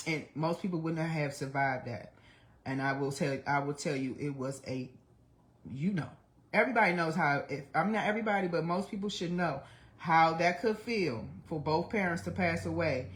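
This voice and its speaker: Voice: medium pitch, normal speed. A person in their forties hosting a livestream, talking in a candid, blunt and often profane confessional monologue. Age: 40s. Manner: emotional, speaks of trying not to cry. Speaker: livestream host.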